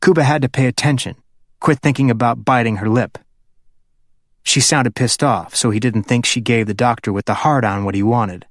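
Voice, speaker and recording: Guy reading an audiobook, steady low-key delivery, dry close mic, mid voice. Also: normal speed, no echo. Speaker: audiobook narrator. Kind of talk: scripted audiobook narration.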